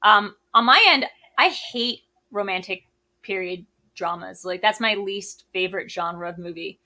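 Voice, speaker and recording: Bright, excitable woman co-hosting. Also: mid-range voice, measured pace. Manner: excitable, swears, reads live chat aloud. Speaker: co-host. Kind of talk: casual podcast chat.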